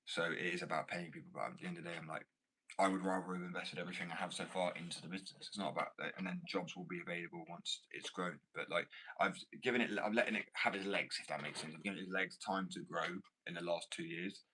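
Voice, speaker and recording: A man with an English accent and a low, very bright, cutting voice. He talks in a blunt, rambling, self-assured way, answering viewers' comments in a loose livestream chat, with a faint hiss behind him. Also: steady tone, fast. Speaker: skater and small business owner.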